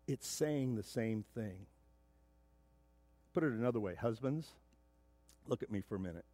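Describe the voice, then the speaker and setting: A middle-aged man preaching a sermon as pastor, emphatic, often repeating words as he builds to loud points. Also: mid-range voice, lively intonation, moderate pace, long pauses, no echo. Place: church sanctuary.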